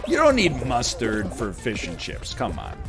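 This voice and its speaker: Animated man riffing over gameplay. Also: medium pitch, measured pace, music in the background. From Canada. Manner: animated, jumps from chatty riffing to excited yelling at the game. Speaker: gaming commentator. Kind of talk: casual gameplay commentary.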